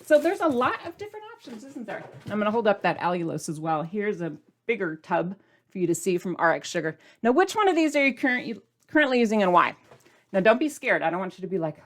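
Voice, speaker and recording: A woman's voice: mid-range voice, big pitch swings, quick pace. A woman hosting a diet vlog, talking casually to the camera in a chatty, upbeat way and asking her viewers questions. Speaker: diet vlogger host. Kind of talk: casual direct-to-camera talk.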